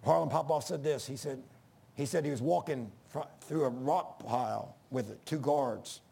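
A man's voice: mid-range voice, normal speed, vocal fry, warm tone, slightly rough. A middle-aged man preaching a sermon in an earnest, folksy way that rises to emphatic bursts.

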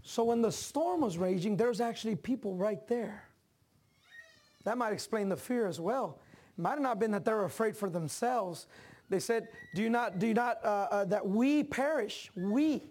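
A man preaching a sermon as pastor, talking with the congregation in casual asides and climbing into animated, shouted passages. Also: high-pitched, normal speed.

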